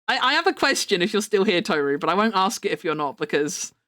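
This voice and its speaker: A woman's voice: medium pitch, very animated, fast, a bit bright. A young woman chatting casually on her live stream, rambling and laughing often.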